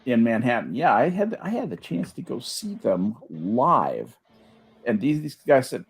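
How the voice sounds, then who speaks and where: An older man hosting a casual panel chat, rambling through his stories with lively swings in his voice. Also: fairly low pitch, normal speed, breathy edge. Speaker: host. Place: home office in an enclosed porch.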